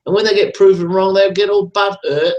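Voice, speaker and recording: The recording is muffled and echoes in a roomy space as a livestream host rants, rambling, swearing and repeating himself. His high-pitched voice has a darkish tone and fairly even intonation, and he talks fairly quickly.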